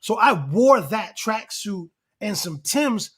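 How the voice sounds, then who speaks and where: Husky guy with a high voice, rambling excited story, acts out the quotes. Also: slow pace. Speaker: guest rapper and actor. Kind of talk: animated storytelling in casual chat.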